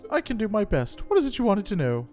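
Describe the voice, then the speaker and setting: A man voicing a sweet, childlike young female cat in a game, in a high cutesy girlish voice. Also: wildly swooping pitch, fast talker, darkish tone, soft background music. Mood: chatty.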